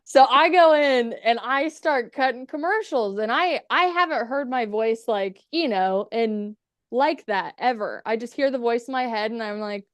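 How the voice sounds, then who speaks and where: A woman's voice: fairly high pitch, animated, normal speed, dry recording. A woman chatting as a podcast guest, telling stories casually, swearing freely and acting out the quotes. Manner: chatty, profane, acts out quotes. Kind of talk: casual storytelling.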